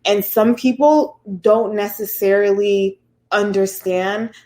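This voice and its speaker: A woman's voice: medium pitch, fairly even intonation, takes it slowly, dark tone. A woman co-hosting a casual talk podcast, giving advice and explaining with everyday comparisons. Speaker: podcast co-host. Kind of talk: casual chat.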